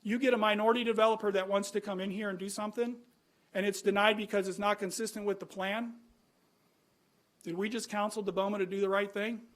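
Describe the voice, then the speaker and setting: A Californian man with a high voice speaks up during public comment at a planning commission, using slides to argue his case. His delivery is flat and fast, and he comes across as earnest and combative, often restarting sentences and posing rhetorical questions.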